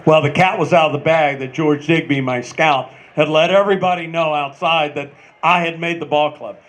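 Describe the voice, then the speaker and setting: A man in his sixties, a retired ballplayer telling a long story on stage, with many pauses and fillers. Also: fairly high pitch, fairly even intonation, fairly bright tone. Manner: rambling anecdotal, many "uh" pauses. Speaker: retired ballplayer, panel guest. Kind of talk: storytelling at a live panel.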